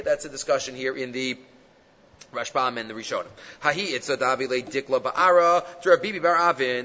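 A man teaching a Talmud class, reading the text slowly in a chant-like way, then explaining it in conversational English with fillers and rhetorical questions. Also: fairly high pitch, bright, forceful tone, long reverb tail, muffled recording.

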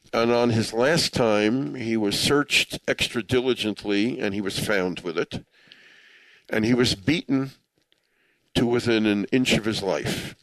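Slow, earnest man telling a story. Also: medium pitch, no echo, low-quality recording. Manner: earnest and reflective, quick to choke up; sprinkles Hebrew and Yiddish religious terms. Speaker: speaker telling a story to listeners. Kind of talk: heartfelt personal storytelling.

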